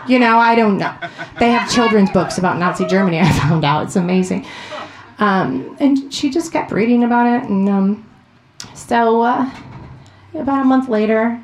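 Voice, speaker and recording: A woman in her thirties from Ohio doing a profane, animated stand-up comedy set. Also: fairly high pitch, moderate pace, roomy sound. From Ohio, USA.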